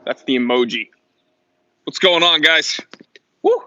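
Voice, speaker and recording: A man's voice: a little high, very animated, measured pace, sharp tone. A man hosts a casual outdoor livestream, chatting easily and greeting his viewers one by one as he reads their comments aloud. His voice comes through dull and lo-fi. It sounds dry, with no room echo. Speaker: livestream host. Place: outdoors in the shade.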